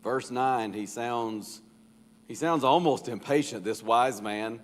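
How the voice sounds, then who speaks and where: A man teaches a Bible study in a loose, folksy way, acting out the lines he quotes. His voice sits mid-pitch and carries a long reverb from a church hall. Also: takes it slowly, a little hiss or hum. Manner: folksy and conversational, with chuckles and acted-out quotes.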